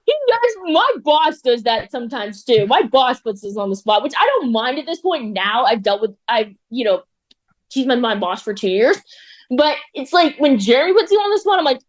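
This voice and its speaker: A young woman with a high voice, chatting casually as a guest on a talk show. She rambles with lots of "like" and laughs often as she talks. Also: sing-song, normal speed. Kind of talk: casual chat.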